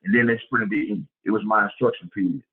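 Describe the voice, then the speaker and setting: A man with a lowish voice gives a coaching clinic talk, lively and conversational, repeating phrases as he builds his points. The sound is thin and tinny, like a phone line. He talks like a football coach addressing other coaches. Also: fast talker. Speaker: high school football coach.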